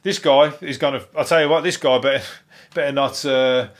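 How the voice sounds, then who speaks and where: A man riffs on the day's news stories in a loose, rambling monologue. His talk is peppered with swearing and jokes. His pitch sits in the middle range for a man. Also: fairly quick. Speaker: podcast host. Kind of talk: casual news commentary monologue.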